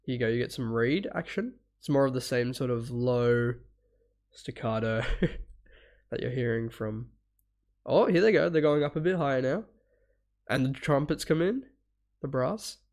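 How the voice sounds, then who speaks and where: A man's voice: mid-range voice, lively intonation, normal speed, pauses often, a little mellow. A man with a cold, sniffling and stuffy, rambling casually through a live reaction stream, laughing, swearing now and then, and humming bits aloud. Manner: hums parts aloud.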